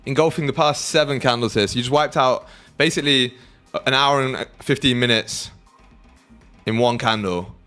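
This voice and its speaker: A young British man chats casually with his livestream audience while trading, cracking jokes and swearing freely. His voice sits at an ordinary pitch for a man. Faint music plays underneath. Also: normal speed, bright, forceful tone. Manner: banters with chat, swears freely, laughs often. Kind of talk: casual livestream chat with viewers.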